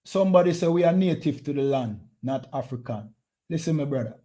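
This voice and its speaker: A Jamaican man preaching with fierce, confrontational energy, hammering his points through repetition. His voice sits high for a man, yet the tone stays dark and mellow. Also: animated, brisk. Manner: forceful, confrontational, repeats phrases. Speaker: street preacher. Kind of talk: heated street preaching.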